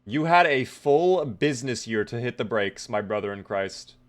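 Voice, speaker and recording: A man's voice: medium pitch, lively intonation, normal speed. A man streaming a game live, chatting casually with viewers in a joking way and swearing freely. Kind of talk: casual live gameplay chat.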